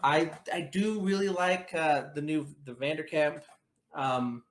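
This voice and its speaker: A man's voice: on the high side, a little slow. A man co-hosting a casual movie chat, blunt and crude, swearing freely. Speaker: podcast co-host.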